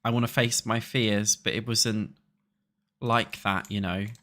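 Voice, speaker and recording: Bright-voiced British young man streaming. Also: lowish voice, flat delivery, measured pace. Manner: chatty, swears freely, talks to chat. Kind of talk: casual chat while playing a building game.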